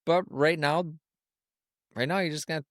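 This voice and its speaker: A man's voice: a little high, fairly even intonation, measured pace, dry recording, studio quality. A man co-hosting a podcast, giving reassuring, laid-back parenting advice with plenty of swearing. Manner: reassuring, laid-back, profane, often says "you know what I mean". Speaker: podcast co-host. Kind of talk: casual podcast chat.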